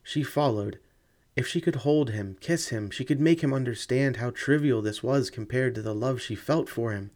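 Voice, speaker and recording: Male audiobook narrator, mid-pitched, measured dramatic storytelling.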